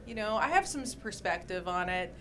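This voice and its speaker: A woman doing a stand-up comedy set on a club stage, telling crude deadpan stories with a lot of swearing, into a handheld mic. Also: medium pitch, brisk, slight background noise.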